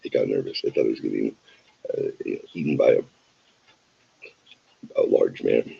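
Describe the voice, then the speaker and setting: A man's voice: very deep voice, expressive, moderate pace, gravelly, breathy edge, lo-fi sound. A tired man hosting a show, telling a rambling, wry, self-deprecating anecdote full of digressions. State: tired from an early start. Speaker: show host. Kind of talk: casual anecdote storytelling.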